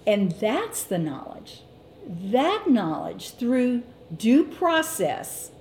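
A middle-aged woman teaches from scripture in an unhurried, deliberate sermon. Her voice is warm and dark-toned. The recording sounds roomy, with a faint ambient hum behind her. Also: a little high, sing-song. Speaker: Bible teacher. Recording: echoey room with faint ambience.

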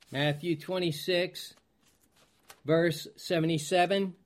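Casting: male pastor, unhurried Bible study delivery, somewhat high voice, clears his throat while hunting for verses. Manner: slow, searching, clears throat, loses place; reads scripture aloud in King James wording. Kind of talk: Bible teaching.

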